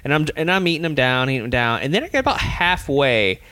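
A man from Louisiana, a podcast host, telling a story in casual chat, animated and swearing, acting out the quotes with laughter. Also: mid-range voice, fast, no echo. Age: adult.

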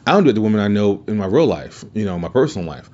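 Podcast guy, kinda low voice, swears a lot, rambles and restarts, muffled audio. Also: sing-song, racing, mellow, slight background noise. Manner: profane, rambling, lots of restarts. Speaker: podcast host. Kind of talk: casual podcast storytelling. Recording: muffled lo-fi recording.

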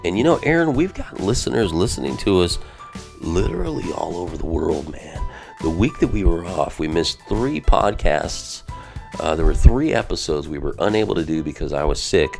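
Very deep gravelly-voiced male pastor host. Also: normal speed, faint music behind. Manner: energetic, informal, peppered with "man" and "bro". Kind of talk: casual devotional podcast chat.

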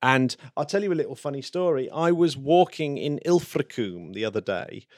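A man co-hosting a podcast in casual chat, chatty and self-deprecating, quick to laugh. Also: medium pitch, animated, dry recording, studio quality. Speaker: podcast co-host.

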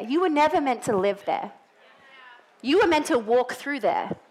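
A woman in her thirties preaches with a high, bright-pitched voice. She tells personal stories earnestly and rises to emphatic peaks. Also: rough recording. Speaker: pastor's wife preaching. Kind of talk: sermon.

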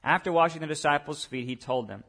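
This pastor's voice is male, a little high, and gravelly, and he preaches quickly. Addressing his congregation, he asks them pointed questions and shifts from soft side remarks to loud, emphatic statements.

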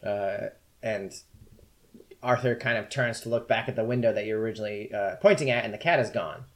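A man's voice: lowish voice, a little fast. Casual man narrating a tabletop game. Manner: loose, casual narration with fillers. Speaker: game master.

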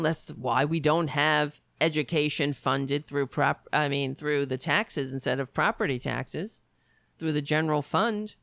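A woman with a raspy voice hosting a political commentary show, emphatic and repetitive, often restarting her sentences. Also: low-pitched, fairly bright tone, no echo, clean studio sound. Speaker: show host. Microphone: home computer setup.

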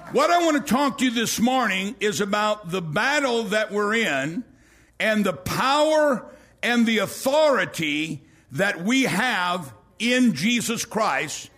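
High-voiced preaching male pastor. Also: slightly rough. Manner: storytelling, acts out quoted voices, rises to shouting. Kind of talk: sermon.

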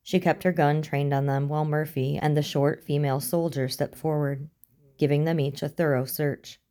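A woman reading a story aloud as narrator, in a steady, even manner. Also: deep voice, normal speed. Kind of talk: audiobook narration.

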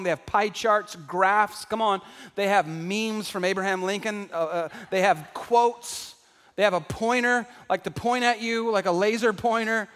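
A man preaching a sermon to a congregation, animated and calling out to the crowd, acting out everyday voices for laughs. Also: sits high, long reverb tail. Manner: acts out household voices for laughs. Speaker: pastor. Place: large church hall.

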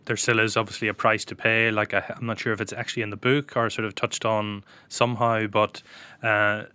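A male books editor asks an author a probing question, building it up slowly. His low voice is bright and crisp, with little rise and fall. The sound is dry. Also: level tone, no echo. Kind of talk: conversational interview.

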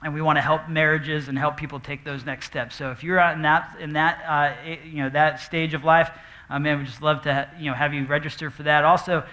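A male pastor giving casual church announcements and a live Q&A, nervous, halting, with many fillers and light jokes. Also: a little high, level tone, sharp tone. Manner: halting, full of fillers and restarts, joking. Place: church auditorium with audience.

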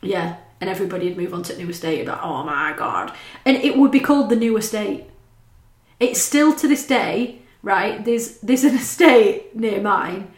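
A woman's voice: mid-range voice, normal speed, darkish tone, roomy sound. A woman, chatting casually as a podcast co-host, swearing and laughing as she talks. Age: 30s. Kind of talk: casual chat.

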